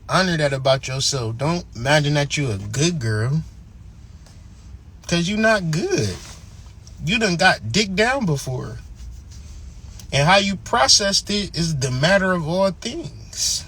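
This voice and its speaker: Host, male, husky and fairly high-pitched, profane blunt rant. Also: very animated, slow, fairly bright tone. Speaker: channel host. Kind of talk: ranting monologue.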